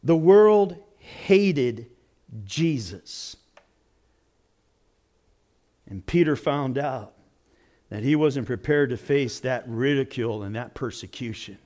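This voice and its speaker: A man pastor preaching a sermon in an animated, conversational storytelling way. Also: mid-range voice, takes it slowly.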